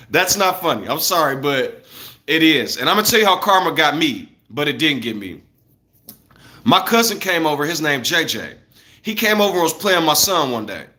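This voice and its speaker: On a casual livestream from home, a man in his thirties tells stories straight to his viewers in an animated, loose, profane style. His voice sits fairly high and he speaks at a normal speed.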